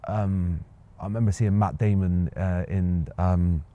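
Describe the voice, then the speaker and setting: A man's voice: sits low, steady tone, unhurried, mellow, dull audio. A young man, an actor being interviewed, talking reflectively with many ums and restarts. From Bristol, England. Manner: hesitant, many fillers and restarts. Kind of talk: reflective casual conversation.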